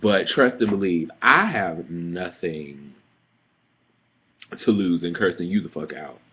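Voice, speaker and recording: With a low-pitched, husky voice, lively intonation and a slow pace, a young man tells the story of a petty coworker as a dramatic, sassy, profane rant. He's a vlogger, the tone is that of a casual vlog, and the audio is dull lo-fi webcam sound.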